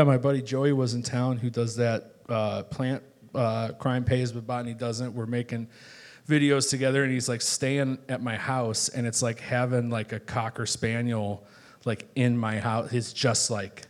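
A man's voice: mid-range voice, steady tone, normal speed. A man from Chicago, a guest on a live stage show, telling stories in a rambling, casual way with lots of filler words. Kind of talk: casual onstage chat. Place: live show at a bar venue.

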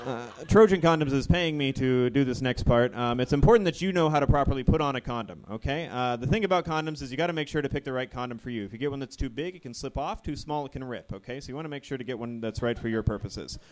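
A man doing a live stand-up set of awkward, deadpan one-liners in a ballroom venue. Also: mid-range voice, fast, few pauses. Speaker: stand-up comedian.

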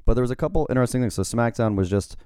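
A man co-hosting a casual podcast chat, easygoing and measured, often playing devil's advocate. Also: mid-range voice, dark tone, clear, resonant tone, no echo, clean studio sound. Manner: easygoing, plays devil's advocate, many fillers. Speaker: podcast co-host.

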